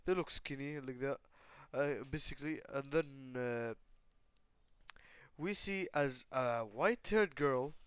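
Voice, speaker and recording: A man's voice: mid-range voice, slow, smooth, no room sound. A teenage boy casually retelling a fan-made story, rambling with lots of fillers. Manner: rambling, many fillers like "basically" and "like".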